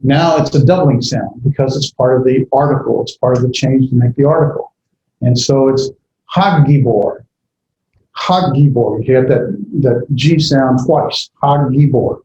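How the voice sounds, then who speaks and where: A man's voice: mid-range voice, fairly even intonation, warm tone, a little hiss or hum. Hesitant male Hebrew teacher, roomy sound. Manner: halting, many fillers and self-corrections. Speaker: Hebrew instructor. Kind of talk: classroom lecture. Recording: dull, roomy lecture recording.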